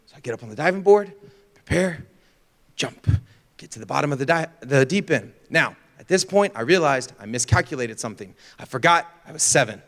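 A young man preaching a sermon, telling a funny childhood story with lively shouts and gasps, then turning reflective. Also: fairly high pitch, fairly quick. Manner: animated storyteller, acts out scenes with shouts and gasps. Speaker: pastor. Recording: long hall reverb.

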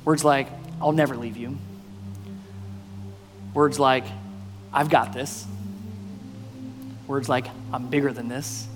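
A male pastor preaching a sermon, mostly earnest and quiet, breaking now and then into loud, playful bursts. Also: mid-range voice, steady tone, slow pace, long pauses. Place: church sanctuary. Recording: long reverb in a hall, faint music.

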